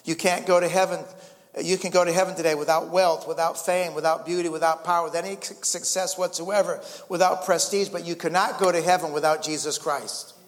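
A man's voice: a little high, fairly even intonation, brisk, long reverb tail. A male pastor preaching a sermon, often repeating words and calling out to the congregation. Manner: repeats words and restarts, calls out "amen" and "friends".

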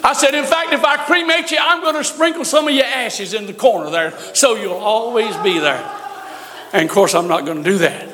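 A man's voice: high voice, animated, normal speed, background noise. An older man preaching a sermon in a folksy storytelling way with touches of humor. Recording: long hall reverb.

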